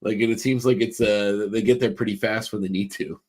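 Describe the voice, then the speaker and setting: A man with a fairly low voice co-hosts a podcast in loose casual chat. He rambles, restarts and leans heavily on filler words as he talks. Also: steady tone, a little fast, slightly rough. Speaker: podcast co-host.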